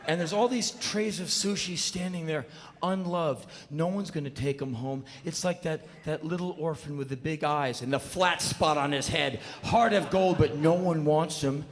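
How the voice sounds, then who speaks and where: A man performing a live spoken word monologue, telling a story in an intense, animated and profane way, often mocking himself. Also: on the high side, moderate pace. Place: stage in a large venue. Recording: echoey live hall with faint noise.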